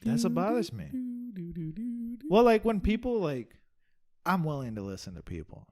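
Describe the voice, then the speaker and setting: Guest dude cracking dry jokes, pretty high voice, bouncy delivery. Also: male voice, normal speed. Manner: wry, deadpan jokes, laughs at own lines. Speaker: podcast guest. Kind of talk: casual comedic chat.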